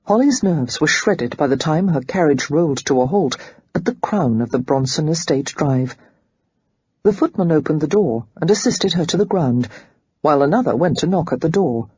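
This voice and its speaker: Very husky audiobook narrator. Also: medium pitch, no room sound, lo-fi sound. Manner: steady, measured reading.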